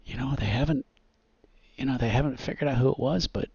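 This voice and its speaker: A man voicing a loud, boisterous, charismatic man in his fifties who talks in a folksy, glad-handing way. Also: mid-range voice, fairly quick, slightly rough, dry recording, pitched above the performer's own voice. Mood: chummy. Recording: dull muffled audio.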